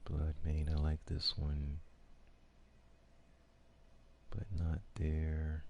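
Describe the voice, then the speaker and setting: A man's voice: extremely low pitch, little pitch movement, takes it slowly, vocal fry, hardly any pauses, darkish tone, a little hiss or hum. A man giving casual gameplay commentary, thinking aloud with hesitant ums and restarts as he weighs his options. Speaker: gaming video creator.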